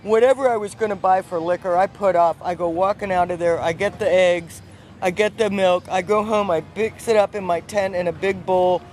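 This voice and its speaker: An animated woman tells a personal story outdoors, her voice lively and expressive. She talks in a casual, chatty way to someone on the street. Faint traffic sounds drift behind her. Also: lowish voice, moderate pace. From not the US South. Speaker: passer-by telling a personal story.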